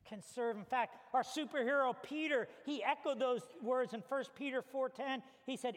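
Man, pastor, very high voice, animated conversational sermon, long hall reverb. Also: moderate pace, few pauses. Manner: animated, conversational, with casual fillers. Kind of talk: storytelling sermon.

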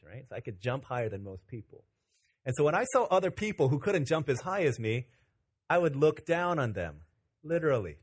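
A man preaching a sermon as pastor, telling stories in an animated, joking way. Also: medium pitch.

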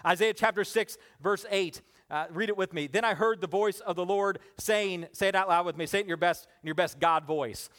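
High-voiced man preaching with sweeping intensity. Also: moderate pace, hardly any pauses. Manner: dynamic preaching, rising emphatic repetition then hushed low endings. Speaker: pastor. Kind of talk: sermon. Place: church.

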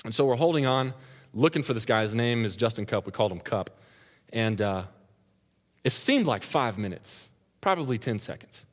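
A man preaching a sermon, telling a story with lively energy and laughing as he goes. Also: medium pitch, normal speed. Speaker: pastor. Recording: long reverb of a large hall.

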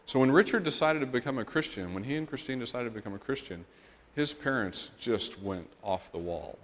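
A man's voice: medium pitch, expressive, brisk. A man from the United States preaching a sermon, telling a story earnestly and building to emphatic points. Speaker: missionary preacher. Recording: long reverb of a church hall.

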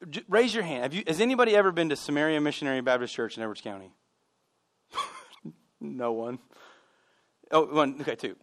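A man preaching a sermon as pastor, telling animated stories with self-deprecating humor. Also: fairly high pitch, a little fast, pauses often. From United States. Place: church sanctuary.

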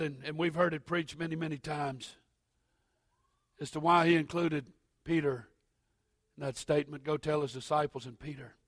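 Pastor preaching with rising intensity. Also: male voice, fairly high pitch, dry recording. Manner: builds from quiet, halting asides to loud, rising preaching. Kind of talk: sermon.

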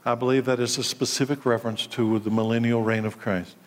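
A man's voice: mid-range voice, flat delivery, fairly quick. A male pastor preaching a sermon, emphatic and full of rhetorical questions. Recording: long reverb of a large hall.

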